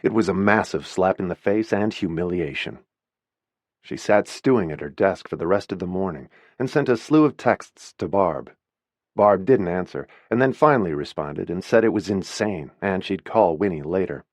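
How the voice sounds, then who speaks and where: A man narrates a novel with expressive, story-driven reading. His voice sits low and moves a lot in pitch, and the recording is dry and close, with no room sound. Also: moderate pace, dry recording. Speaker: audiobook narrator.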